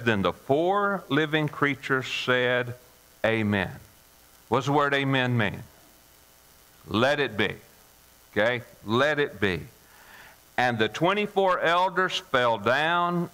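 Bright-voiced preaching pastor, emphatic. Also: male voice, mid-range voice, big pitch swings, takes it slowly, low-quality recording. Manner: emphatic, repetitive preaching with restarts. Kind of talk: sermon. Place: church sanctuary.

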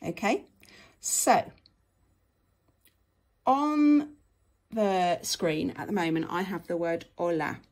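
A woman's voice: on the low side, a little slow. A woman, teaching patiently and step by step in a screen-share tutorial. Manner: patient, step-by-step, frequent "okay".

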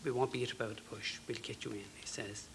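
An Irish man in his fifties with a gravelly but bright voice tells his story as a talk show guest. He speaks earnestly and haltingly, and some phrases drop almost to a whisper. Faint studio noise sits behind him. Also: medium pitch, steady tone. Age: 50s. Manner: earnest, halting, with fillers and soft dropped phrases. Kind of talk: personal storytelling.

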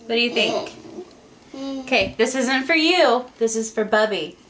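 A mother at home talking to her little children, giggly and gently coaxing. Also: a little high, expressive, unhurried, a little hiss or hum. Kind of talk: casual family vlog chat. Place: family home.

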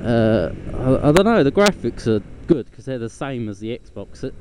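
A man's voice: medium pitch, very animated, moderate pace. A man rambling bluntly and swearing casually as he vlogs while riding a scooter outdoors. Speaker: vlogger. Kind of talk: casual rambling vlog chat. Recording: loud traffic and engine noise.

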